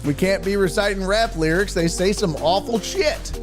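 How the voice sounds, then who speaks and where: Speaking at a moderate pace with music behind him, a sports talk show host runs a laid-back livestream. He jokes as he reads out viewer comments, lively and goofy, with huge swings in pitch.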